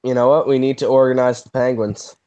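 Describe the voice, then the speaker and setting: A man joining a casual group voice chat, sardonic and halting. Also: mid-range voice, flat delivery, mellow, no room sound. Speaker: chat participant. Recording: muffled voice-chat audio.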